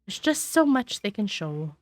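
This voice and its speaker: A woman's voice: mid-range voice, sing-song, moderate pace, no room sound, clean studio sound, soft background music. Sleepy, sniffly woman streamer. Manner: chatty, reads and answers chat. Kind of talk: casual gameplay commentary. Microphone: desk microphone.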